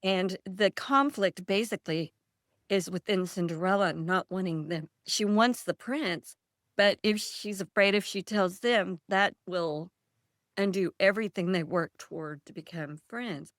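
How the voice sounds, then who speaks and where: A woman's voice: medium pitch, a little slow, no echo, studio quality. A woman author in a casual interview, telling stories in a rambling way and laughing often. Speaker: author guest.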